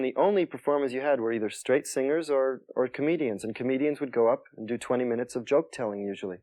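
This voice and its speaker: A soft-spoken male comedian telling stories in an interview, halting and restarting as he talks. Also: mid-range voice, no echo. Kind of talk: interview storytelling.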